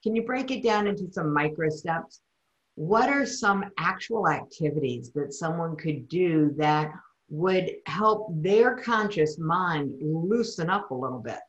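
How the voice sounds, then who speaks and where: A woman with a fairly low voice hosts an interview, playful and quick to laugh. Her voice carries a noticeable roomy echo. She keeps the talk loose and animated. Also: highs cut off. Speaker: podcast host. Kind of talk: conversational interview.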